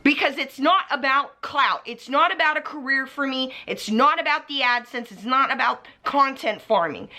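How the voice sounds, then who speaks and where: A woman's voice: high voice, sharp tone. A young woman vlogger ranting angrily to camera, swearing freely and calling people out by name. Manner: heated, profane, pointing at the camera. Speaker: beauty commentary vlogger. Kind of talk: angry rant to camera. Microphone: camera mic, facing the camera.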